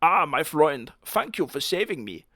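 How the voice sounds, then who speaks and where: A man's voice: on the high side, sing-song, a little slow, sharp tone, dry recording, clean studio sound, pitched above the performer's own voice, full character voice. Brief: mock German dictator, a man's impression, fawning and desperate, raised well above his normal voice.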